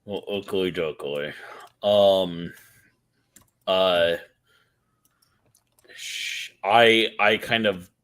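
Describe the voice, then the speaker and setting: A man at a game table speaks in a halting, hesitant way. His voice is very low, and he talks slowly. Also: a bit bright, clear, resonant tone. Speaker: player. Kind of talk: casual game chat.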